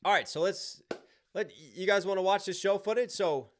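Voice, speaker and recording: An American man and rapper hosting a casual live stream, talking in an animated, loose way with frequent swearing and restarts. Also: sits high, normal speed, a little hiss or hum. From United States. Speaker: livestream host and rapper.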